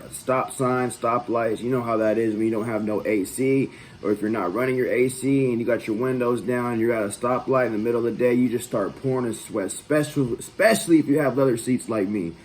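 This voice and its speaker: A man's voice: medium pitch, brisk, few pauses, a little mellow, a little hiss or hum, low-quality recording. A man hosting his own channel, telling a personal story in a loose, profane, conversational way. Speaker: vlog host. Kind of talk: casual storytelling.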